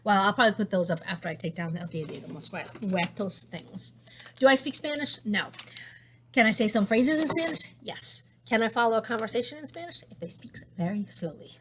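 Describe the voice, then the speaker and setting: A woman's voice: medium pitch, expressive, brisk, noisy background. A woman hosting a knitting podcast, chatting casually in a rambling way, full of restarts and fillers as she shows off her craft supplies at home. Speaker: teacher. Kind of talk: casual show-and-tell chat.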